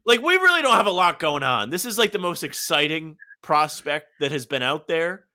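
A man's voice: fairly high pitch, big pitch swings, normal speed, bright, forceful tone. A young man co-hosting a casual sports podcast, cracking sarcastic, wry jokes. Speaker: podcast co-host.

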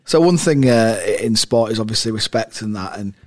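A man's voice: lowish voice, expressive, moderate pace, darkish tone. A man interviewing a guest in casual chat, asking matey, teasing questions with tag questions.

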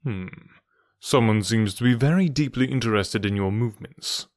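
A man reading aloud and voicing a keen, confident middle-aged detective who speaks in a measured, pointed way. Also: a little mellow, no echo, studio quality, lightly acted. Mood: probing. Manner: measured, precise and pointed, voice dropped lower.

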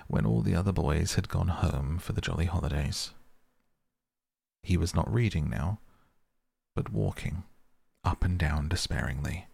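A man's voice: deep voice, vocal fry, husky, no room sound. A man narrating a classic novel as a soothing bedtime sleep story. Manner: soft, slow, soothing. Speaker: podcast reader.

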